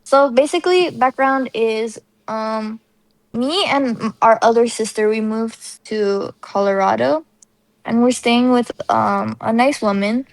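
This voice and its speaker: A woman's voice: a little high, a little slow, dry recording. A young woman co-hosting a casual podcast as the younger sister, rambling through a story with hesitant fillers. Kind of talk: casual chat.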